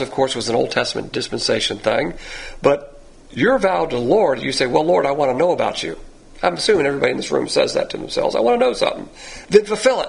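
A man teaching from the Bible in a blunt sermon, his husky, gravelly voice leaping up and down as he acts out the people he quotes. He sits a little higher than most men. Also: poor audio. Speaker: pastor.

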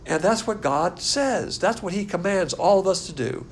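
An older male pastor with a high-pitched voice teaches a Bible class at normal speed, lecturing in an animated, blunt and scornful way. There's a little hiss or hum in the audio.

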